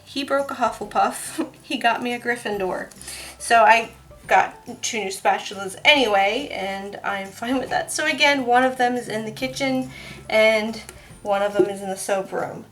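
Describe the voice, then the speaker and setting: A woman's voice: fairly high pitch, moderate pace, fairly bright tone, soft background music. A woman soap maker chatting casually as she works, laughing now and then through her stories. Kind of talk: casual crafting vlog narration.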